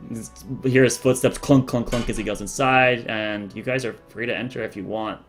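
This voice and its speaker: A man's voice: mid-range voice, fairly even intonation, moderate pace, hardly any pauses, soft background music. A man narrating a tabletop game as dungeon master, casual and rambling, with many fillers.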